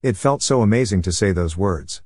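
A man's voice: lowish voice, animated, moderate pace, a little mellow, husky, dry recording, studio quality. A man narrating a forum revenge story in a wry, blunt, profane manner.

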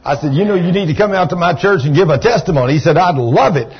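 A man preaching a storytelling sermon in a church, folksy and animated, sometimes rising to shouts of praise. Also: on the high side, fast talker, breathy edge. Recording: dull lo-fi church recording.

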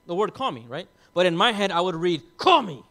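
A man in his thirties, a pastor, telling a personal story in a sermon, emotional and confessional, dropping to hushed tones and rising loud at times. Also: high voice, lively intonation, fast talker.

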